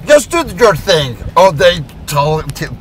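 A man's voice: a little high, very animated, slow pace, fairly bright tone, slight background noise. A Mexican man hosting a casual interview in a car, mixing English and Spanish and laughing often. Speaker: host.

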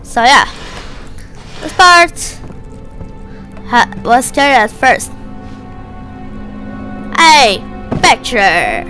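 A woman's voice: on the high side, big pitch swings, extremely slow, long pauses, sharp tone, faint music behind. A woman giving playful, jokey let's play commentary, talking to the objects in the game. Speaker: gamer.

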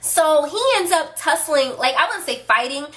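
A young adult woman recounts a story for her vlog in a chatty, animated way, addressing viewers directly. Her voice sits high and sounds bright and sharp. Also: normal speed. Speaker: vlogger. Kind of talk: casual storytime chat to camera.

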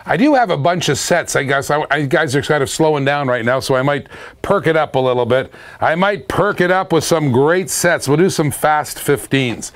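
Excited middle-aged guy hosting a live auction stream, kinda high voice, hypes everything, hums between bids. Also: normal speed. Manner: upbeat, hypes items, hums and scats between lots.

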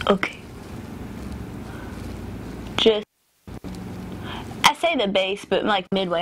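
A woman's voice: medium pitch, breathy edge. Chatty woman filming a lash tutorial. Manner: chatty, self-interrupting, laughs at herself. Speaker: beauty vlogger. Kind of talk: casual tutorial chat. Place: indoors at a mirror.

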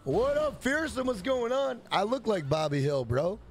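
A man's voice: very high voice, expressive, moderate pace, vocal fry, slight background noise. A man chatting casually on a game live stream, rambling and swearing. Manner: profane, rambling banter.

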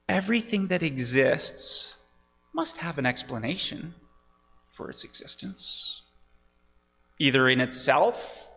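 A male pastor delivers a sermon in a deliberate, unhurried way, with a gravelly edge to his fairly high voice. He teaches as he goes and keeps putting questions to the congregation. His words ring out with the long reverb of a church sanctuary. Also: pushed and bright.

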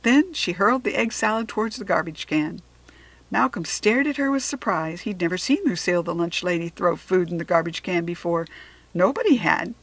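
A woman reading a children's chapter book aloud in a gentle storytelling way, sometimes dropping into soft whispered asides. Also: fairly low pitch, lively intonation, moderate pace, no room sound.

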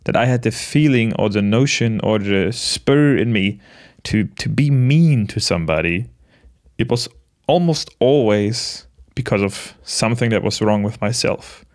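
Guy in his late 20s just talking things over, soft and halting, kinda low voice. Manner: gentle, halting, many restarts and soft laughs. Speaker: vlogger. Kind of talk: casual reflective monologue.

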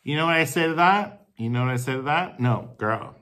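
Speaking to the camera from where he lives in the city, a man with a mid-range, pushed, bright voice plays a supportive pal in a comedy monologue. He's animated and emphatic, drawing out key phrases as he sympathetically coaxes, then swears in bursts of indignation.

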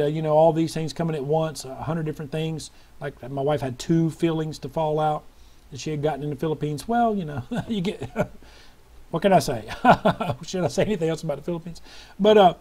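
A man's voice: fairly high pitch, warm tone. A middle-aged man preaching a sermon with fervent hallelujahs and praise, sometimes breaking into song.

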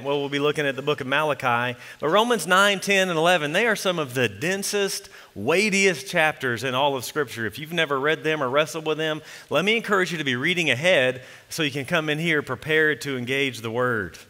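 A man preaching an earnest expository sermon as pastor, reading scripture slowly and softly. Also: on the high side, long reverb tail. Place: church sanctuary.

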